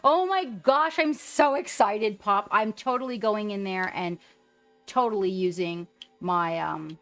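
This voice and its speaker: A woman hosting a casual livestream, chatting excitedly as she paints miniatures and greets viewers by name. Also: medium pitch, a little slow, faint music behind.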